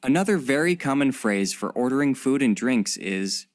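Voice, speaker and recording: A narrator of a recorded language lesson, giving clear, even scripted translations. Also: mid-range voice, moderate pace.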